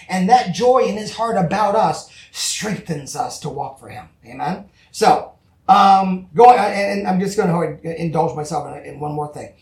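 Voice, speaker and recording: Pastor, conversational sermon, emphatic, mid-pitched voice, roomy echo, distant mic. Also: darkish tone. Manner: earnest, emphatic, chats back with congregation. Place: church. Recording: echoey church from far off.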